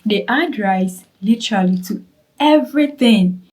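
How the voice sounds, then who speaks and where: A woman's voice: medium pitch, expressive, a little slow, darkish tone, low-quality recording. Chatty Ghanaian woman vlogging. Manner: chatty, repeats words for emphasis, asks viewers directly. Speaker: travel vlogger. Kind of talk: casual travel vlog chat.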